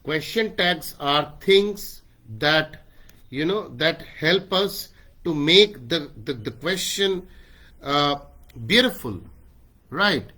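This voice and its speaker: A man's voice: fairly high pitch, animated, slow, pushed and bright. A man teaching grammar in an online class over a video call, mixing in Hindi and often checking "right?". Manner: mixes Hindi into English, keeps asking "right?". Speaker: English teacher.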